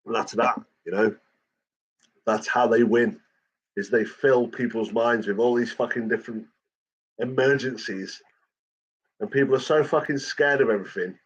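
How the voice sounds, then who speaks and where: A man's voice: medium pitch, moderate pace, pauses often, breathy edge. A man ranting in a casual chat, swearing constantly as he talks. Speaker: channel host. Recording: dull lo-fi recording.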